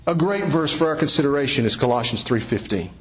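A man's voice: fairly high pitch, expressive, fast talker, dull audio. A man preaching an expository sermon, his voice swelling on key phrases. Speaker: pastor.

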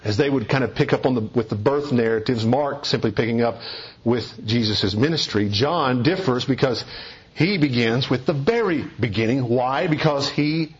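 A man's voice: medium pitch, normal speed, breathy edge, dull audio. A man preaching an expository sermon, emphatic and repeating key phrases for weight.

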